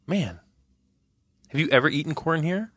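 A man's voice: fairly high pitch, lively intonation, normal speed, a bit bright, no echo. A man co-hosting a casual podcast, joking around and reading listener messages aloud with wry asides. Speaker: co-host answering player questions. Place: Canada.

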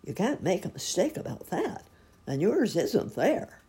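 A woman's voice: fairly low pitch, big pitch swings, measured pace, dark tone, voice pushed up. A woman reading a storybook aloud, voicing a friendly, simple young male bear who speaks earnestly.

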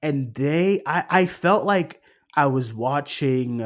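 A man's voice: fairly high pitch, animated, slow. A young man co-hosting a film review podcast, telling a story animatedly, swearing freely and acting out his own reactions. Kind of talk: casual chat.

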